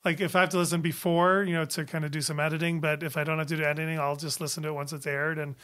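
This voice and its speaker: A man's voice: a little high, flat delivery, racing, bright, forceful tone, clean tone. A man co-hosting a podcast in casual chat, easygoing and hesitant, with many fillers and restarts. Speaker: podcast co-host.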